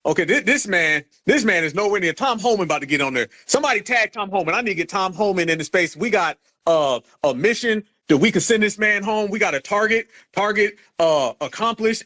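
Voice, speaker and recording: A man hosting a heated live audio chat, loudly mocking and ordering callers around. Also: high-pitched. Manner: loud, mocking, commanding, drawls for emphasis. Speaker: host.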